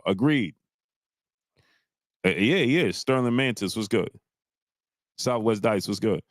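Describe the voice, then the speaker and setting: A man hosting a casual boxing livestream, animated and exasperated, reading out viewer messages. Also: lowish voice, dry recording, studio quality. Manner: animated, exasperated, drawn-out "bro". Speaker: livestream host.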